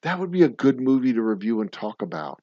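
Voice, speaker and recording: A man's voice: mid-range voice, very animated, fast talker, warm tone, no echo. A middle-aged man chatting casually as he hosts a trivia stream, his voice in an ordinary middle register. He rambles, swears freely and works himself into mock-grumpy rants. The sound is dry and a little dull, like a home desk mic. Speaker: trivia game host. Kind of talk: casual livestream chat.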